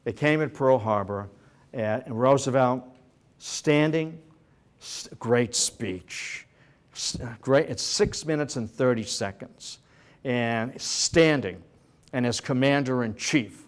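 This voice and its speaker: A man giving a history lecture to a senior center audience, telling stories in an animated way with joking asides and frequent restarts. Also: medium pitch, slow pace.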